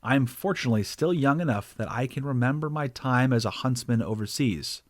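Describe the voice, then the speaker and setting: A man's voice: mid-range voice, expressive, fairly quick, no echo, studio quality. Man narrating a wry short story. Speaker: author narrating his own story.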